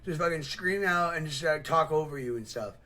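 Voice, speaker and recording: A man hosting a reaction video, talking in a rambling, excitable way full of swearing and mocking asides. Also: a little high, a little fast. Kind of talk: casual profane reaction commentary.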